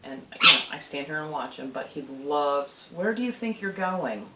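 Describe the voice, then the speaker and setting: Low-ish middle-aged woman, chatty pet vlogger, baby-talks her birds; distant roomy home recording with noise. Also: animated, normal speed. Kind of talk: casual home video chat. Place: home with parrots in the room.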